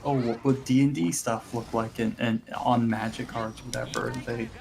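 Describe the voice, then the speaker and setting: A man in loose, unscripted gaming-stream banter. His pitch sits in an ordinary middle range, and he rambles through half-finished sentences and restarts, breaking into laughter often. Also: fairly even intonation, moderate pace, creaky, a crowd in the background. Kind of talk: casual gaming chat.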